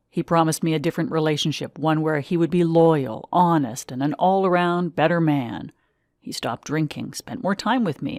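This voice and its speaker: Low-voiced woman narrating a memoir. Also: no echo, clean studio sound. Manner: measured, expressive first-person reading. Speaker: audiobook narrator.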